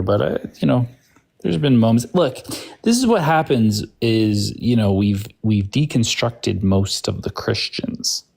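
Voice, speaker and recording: A man's voice: medium pitch, creaky, darkish tone. A man co-hosting a casual livestream debate show, blunt and teasing. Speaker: podcast co-host.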